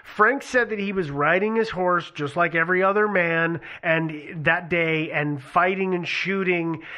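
A man's voice: high voice, bright, forceful tone. A man hosting a podcast who walks his co-hosts through a history story in a casual chat, with frequent restarts. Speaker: podcast host.

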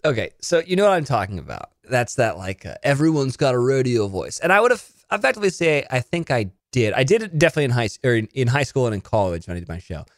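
A man in his thirties hosting a solo podcast from his home studio, animated and self-mocking. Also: mid-range voice, quick pace, few pauses, dry recording. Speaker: podcast host. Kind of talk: casual solo podcast chat.

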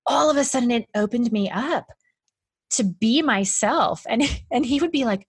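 A woman with a slightly high, animated, husky voice chats casually at a moderate pace on a dry recording. She talks freely, laughs often, and says "like" a lot.

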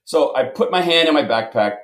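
A man telling self-deprecating anecdotes in a casual, lively way as a guest. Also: a little high, fairly quick. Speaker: guest storyteller. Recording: roomy echo.

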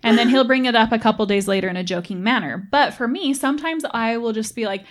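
Woman co-host, slightly high voice, relaxed and chatty, quick to laugh and agree. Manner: chatty, relaxed storyteller who quotes her husband. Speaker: podcast co-host. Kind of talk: casual chat.

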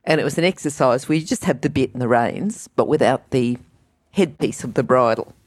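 A woman's voice: rumbling low, lively intonation, brisk, a little mellow, slightly rough, no echo, studio quality. A woman hosting an interview, thinking aloud in a rambling way. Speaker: interview host. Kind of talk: casual interview.

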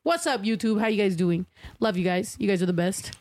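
A woman hosting a casual livestream, loud and excitable, out of breath and swearing freely. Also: mid-range voice, brisk. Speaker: livestream host.

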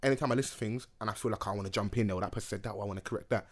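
A man's voice: fairly low pitch, very fast. A young man hosting a casual podcast, laid-back and full of banter, swearing freely. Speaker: podcast host.

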